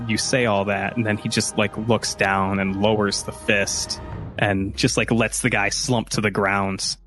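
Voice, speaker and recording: A man's voice: fairly low pitch, little pitch movement, unhurried, fairly bright tone, faint music behind. A man narrating a tabletop game as game master, telling the story casually with filler words.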